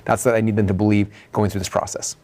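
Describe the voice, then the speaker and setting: A man coaching others as he breaks down his own sales presentation, chatting rapidly and leaning on "like" and "right?". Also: lowish voice, little pitch movement, a little mellow, a little hiss or hum. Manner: rapid, conversational, heavy on "like" and "right?".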